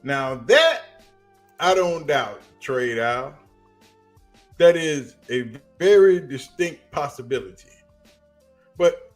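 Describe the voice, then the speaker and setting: A man with a Southern US accent giving a casual, animated sports commentary on a livestream, telling stories in slang. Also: mid-range voice, slow pace, long pauses, faint music behind.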